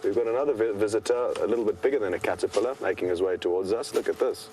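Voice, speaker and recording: A safari guide with a fairly low voice races through live commentary from a vehicle in the bush, barely pausing, over background noise. Despite the speed, he comes across as calm, chatty and enthusiastic.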